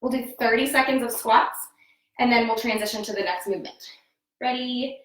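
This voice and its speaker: An upbeat woman fitness coach talks through her exercises at home, calling out form cues while she works out. She sounds a bit winded and sits somewhat away from the mic. Her voice is a touch high and rings in a very echoey room. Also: fairly quick, a bit bright, distant mic. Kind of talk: live workout instruction.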